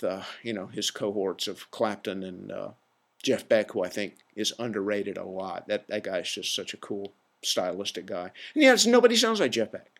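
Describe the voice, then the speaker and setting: A man hosting a podcast alone, giving an opinionated, rambling rant in a casual, self-aware way. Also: on the low side. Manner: opinionated, ranting, self-deprecating. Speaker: podcast host. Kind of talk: casual solo monologue.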